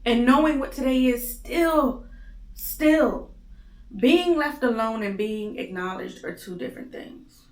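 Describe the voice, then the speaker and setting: A woman's voice: a little high, animated, measured pace, echoey room. A woman in her thirties hosting a candid, emotional monologue, raw and blunt with plenty of swearing, audibly tearful. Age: 30s. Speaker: host. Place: home.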